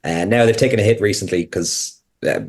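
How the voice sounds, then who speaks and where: A man's voice: lowish voice, a little fast, darkish tone. A man speaking as a podcast guest, explaining casually while thinking aloud, with frequent restarts and fillers.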